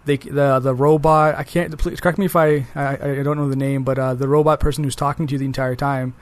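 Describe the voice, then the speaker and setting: A man's voice: mid-range voice, level tone, brisk. A man co-hosting a casual podcast, speaking eagerly about games and repeating words as he thinks. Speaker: podcast co-host. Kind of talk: casual game discussion.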